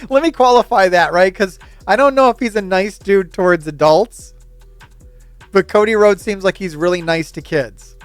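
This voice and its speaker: A man's voice: high voice, lively intonation, measured pace, no echo, faint music behind. A man hosting his channel, ranting casually and animatedly, laughing often and slipping into mocking impressions. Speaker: host. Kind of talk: casual opinionated rant.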